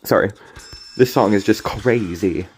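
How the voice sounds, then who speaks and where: A man's voice: on the low side, a little slow. A man casually commentating his own card game stream, rambling and joking, often cutting himself off and apologizing. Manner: rambling, jokey, self-interrupting, apologetic. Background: faint game music.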